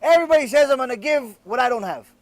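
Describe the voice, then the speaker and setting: Brief: high-pitched male rabbi, lively joke-telling lecture, dry close sound. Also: fast talker, no echo. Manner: animated storyteller, acts out characters in jokes.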